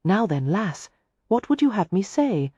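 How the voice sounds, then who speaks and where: A woman voicing a confident, teasing Irish man, speaking in a put-on warm brogue in an audiobook. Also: very animated, a little slow, husky, dry recording, dull audio. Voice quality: warm, low and resonant in brogue. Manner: teasing, matter-of-fact.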